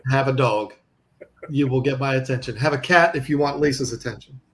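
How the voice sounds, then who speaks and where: A man's voice: medium pitch, brisk, a bit bright. Blunt laughing man, casual chat. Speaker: aquarium YouTuber. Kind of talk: casual live-stream chat.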